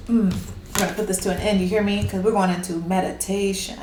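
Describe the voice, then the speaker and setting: A woman giving a casual, rambling tarot reading, animated and laughing often. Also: mid-range voice, fairly quick. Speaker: tarot reader. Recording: echoey room with faint hiss.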